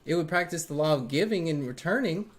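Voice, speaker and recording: A tarot reader talks straight to a live-stream audience in an earnest, defensive way. The voice sits in a middle pitch, and speech is loose and conversational, full of fillers and repeated phrases that drive a point home. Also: lively intonation, a little fast. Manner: frequent fillers like "right?" and "man". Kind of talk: casual live-stream talk to viewers.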